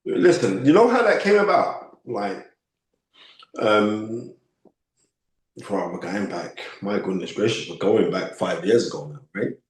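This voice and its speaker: A man of fifty with a London accent, telling stories as a podcast guest in an emphatic, animated way. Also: on the low side, a little slow. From United Kingdom. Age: 50s. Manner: emphatic, acts out quoted voices, frequent "you know what I mean". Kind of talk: animated interview storytelling. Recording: echoey room.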